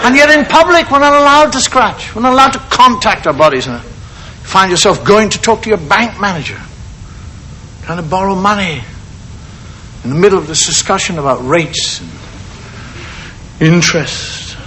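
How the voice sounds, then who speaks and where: High, lively-voiced male stand-up comic. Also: normal speed, pauses often, rough recording. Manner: conversational storytelling, acting out gestures and noises. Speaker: stand-up comedian. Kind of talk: stand-up comedy monologue. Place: stage before a live audience. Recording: vintage TV broadcast with audience noise and hiss. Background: audience laughter.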